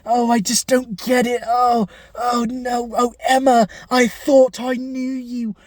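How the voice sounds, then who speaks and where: A man's voice: extremely high pitch, level tone, slow pace, no echo, clean studio sound, exaggerated voice. A man putting on a moaning, exaggerated voice for a whiny, bewildered grown man in a film review. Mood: whining. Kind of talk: mocking impression in a film review.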